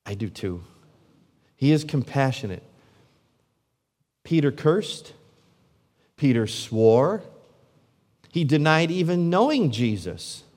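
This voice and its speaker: A pastor delivers his sermon in a somewhat high male voice, firing off rhetorical questions at his listeners. He swings between loud, ringing emphasis and hushed near-whispers. A long reverb trails each phrase, as in a large church sanctuary. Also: sing-song, slow pace, long pauses.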